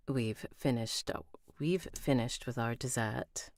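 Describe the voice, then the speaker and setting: A woman's voice: a bass voice, lively intonation, moderate pace, few pauses, darkish tone, no room sound, clean studio sound. A woman reading an audiobook aloud on a live stream, breaking off to chat with viewers and redo lines.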